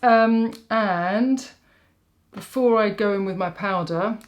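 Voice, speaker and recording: A woman talks her way through a makeup tutorial, chatting loosely as she works. She rambles and pokes fun at herself, in a middle-pitched, everyday voice. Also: slow pace. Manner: rambling, self-mocking, talks while working. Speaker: makeup artist.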